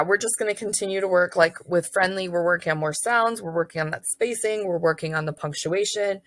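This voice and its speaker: A woman's voice: fairly low pitch, creaky, fairly bright tone, no echo. A young woman teacher explaining how to guide young children's writing in a chatty, upbeat way. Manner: chatty, upbeat, acts out child voices and praise.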